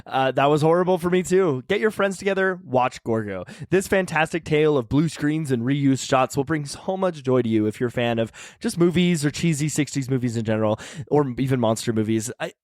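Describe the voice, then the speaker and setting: A man's voice: mid-range voice, animated, brisk, few pauses, a little mellow, no room sound. A man with a mid-range voice co-hosting a casual movie podcast. He speaks in an easygoing way. The recording is close and dry. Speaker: podcast co-host. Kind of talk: casual movie review chat.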